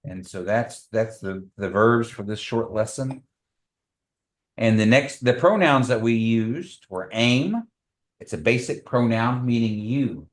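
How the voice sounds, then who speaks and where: A man teaching a language class, speaking slowly and patiently, repeating phrases for the group. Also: medium pitch.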